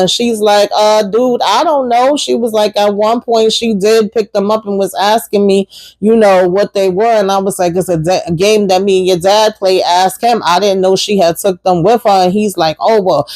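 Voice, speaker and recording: A woman hosting a casual TV episode recap, talking in an animated, sassy way and swearing offhandedly. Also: mid-range voice, no echo, poor audio.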